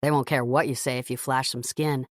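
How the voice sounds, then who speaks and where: A man's voice: mid-range voice, level tone, fairly quick, no room sound, studio quality, voice pushed down, natural voice. A woman voicing a cocky male rock star who teases and gives orders. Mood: coaxing. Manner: teasing, commanding.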